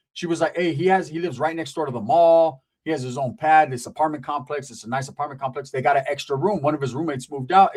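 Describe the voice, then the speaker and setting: A man telling a casual story in slangy, profane speech, acting out the people he quotes. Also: fairly high pitch.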